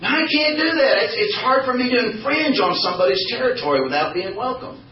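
With an extremely high-pitched voice and a quick pace, a man runs a Bible study as an informal sermon for a small group. Animated and joking, he keeps asking the group questions, and the recording sounds roomy, distant and dull.

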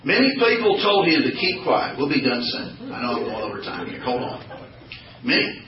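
A man of medium pitch and moderate pace teaches a Bible study, animatedly questioning the group and joking as he goes. The informal small-group sermon comes through in a roomy, distant, dull recording.

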